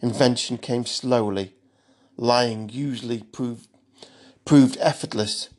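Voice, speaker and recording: A man reads a dark thriller aloud in a steady, measured storytelling voice. His pitch sits in a plain middle range. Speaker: narrator. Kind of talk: audiobook narration of a thriller.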